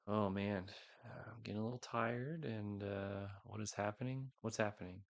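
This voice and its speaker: A man's voice: fairly low pitch, normal speed, vocal fry, dull audio. A man hosting a casual livestream, rambling and unsure as he talks to a few viewers on a headset microphone. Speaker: livestream host.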